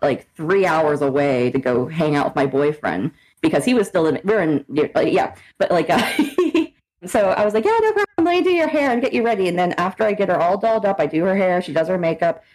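A young American woman co-hosting a podcast, telling a story in an animated, expressive way. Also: deep voice, rough recording. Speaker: podcast co-host. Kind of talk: casual chat, storytelling.

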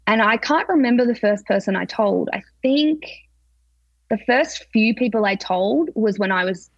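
A woman's voice: fairly high pitch, expressive, no room sound, highs cut off. A young woman, a podcast guest, recounting a painful personal experience in a candid, emotional way. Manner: emotional, confessional, halting.

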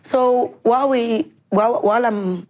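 A woman telling a personal story in an interview, in an earnest, halting way. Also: fairly high pitch, a little mellow. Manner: earnest, halting, mixes English and isiZulu phrases.

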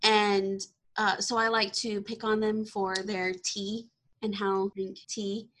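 A woman with a Texan accent hosting a podcast, talking in a casual, excitable way with frequent laughter. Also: mid-range voice, takes it slowly. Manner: giggly and excitable. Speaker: podcast host. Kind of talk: casual chat.

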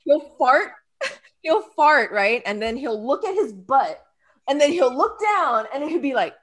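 A woman's voice: high-pitched, unhurried. A woman co-hosting a podcast, telling stories with a lot of giggling in casual chat. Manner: giggly, animated storytelling. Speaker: podcast co-host.

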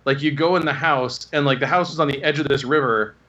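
A man in his thirties rattles off anecdotes with lively, rambling energy and acts out the people in them. His voice is bright and a little high. The recording sounds dull and lo-fi. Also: quick pace. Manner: rambling, animated anecdotes with acted quotes. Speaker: guest telling stories. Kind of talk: casual storytelling.

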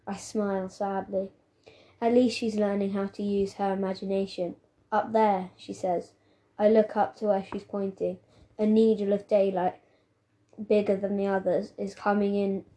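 A woman reading a children's novel aloud, telling the story in a steady, plain way. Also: medium pitch, normal speed. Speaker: audiobook reader.

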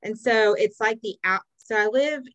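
A middle-aged woman from Texas talks as a podcast co-host over a video call. Her voice is bright and forward, recorded close and dry. She rambles through everyday stories with plenty of ums, laughs and swearing. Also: mid-range voice, moderate pace, dry recording, low-quality recording. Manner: chatty, swears freely, frequent ums and laughs. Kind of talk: casual chat.

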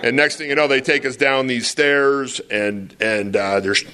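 Man, personal talk to a crowd, self-deprecating, joking, rambling asides, bright forceful tone. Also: medium pitch, fairly even intonation, measured pace. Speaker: speaker at a recovery retreat.

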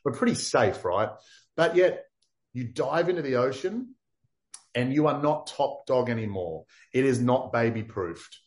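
Animated Australian man telling a story. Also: mid-range voice, unhurried. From far north Queensland, Australia. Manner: animated, acts out quotes, many "like" fillers. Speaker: interview guest. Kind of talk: casual storytelling in an interview.

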